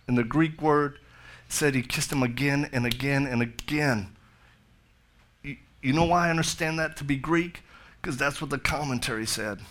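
A man's voice: medium pitch, normal speed, a bit bright. A middle-aged male pastor preaching a sermon, telling a story with jokey asides and then building to fervent appeals.

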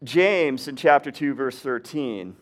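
This man speaks slowly in a mid-range voice, preaching a relaxed sermon before a live audience in a hot upstairs room. A teacher as well as a preacher, he weaves scripture together with tales from his classroom years. The tone is conversational and full of laughter, punctuated by "right?" and "okay?" to make sure everyone follows.

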